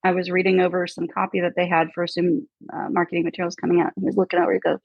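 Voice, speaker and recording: A woman chatting casually as a guest, telling animated stories and mimicking people in hushed voices. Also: fairly low pitch, quick pace, gravelly, breathy edge, dry recording, low-quality recording. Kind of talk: casual chat.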